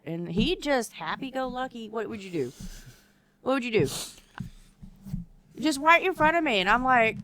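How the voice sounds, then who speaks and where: A woman, co-hosting a casual podcast chat, telling animated stories and acting out her own past reactions. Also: medium pitch, fairly quick. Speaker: co-host teaching decorative rod wraps.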